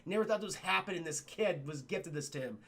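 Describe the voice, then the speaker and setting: A man streaming a casual film recap to his live chat, excitable and profane, calling out to the chat often. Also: fairly high pitch, fast, creaky.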